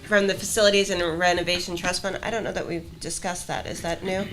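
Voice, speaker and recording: A woman's voice: fairly low pitch, fairly even intonation, fast, fairly bright tone, slight background noise, poor audio. A woman with a Long Island accent, a board member asking direct questions at a school board meeting. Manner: direct, inquisitive.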